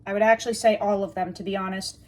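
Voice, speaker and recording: A woman's voice: mid-range voice, steady tone, fast, a little hiss or hum. Chatty woman talking to viewers. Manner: chatty and joking, addresses viewers as guys. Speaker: knife reviewer. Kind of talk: casual chat with viewers.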